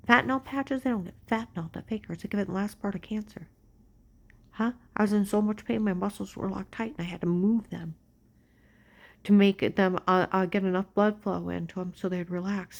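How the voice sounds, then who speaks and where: Woman vlogger, agitated rant, loud bursts dropping to whispers, mid-range voice. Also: medium pitch, creaky. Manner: ranting, jumps between loud outbursts and whispers. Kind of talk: agitated personal monologue.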